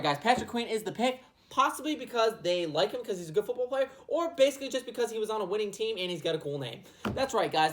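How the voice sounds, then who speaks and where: A woman's voice: medium pitch, a little hiss or hum. A woman hosting a casual football mock draft and talking in a profane, rambling, jokey way. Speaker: sports video host.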